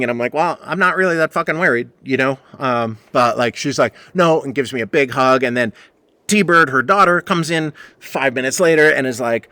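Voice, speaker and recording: A man in his forties hosting a podcast, telling a story in a casual, profane, animated way and acting out the other people's voices. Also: medium pitch, brisk, no room sound. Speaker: podcast host.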